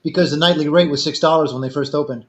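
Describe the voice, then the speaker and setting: A man's voice: on the high side, steady tone, fast talker, muffled recording. An older man casually telling a long, rambling personal story, acting out the other people in it. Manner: rambling anecdotal, quotes others in dialogue. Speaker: storyteller guest.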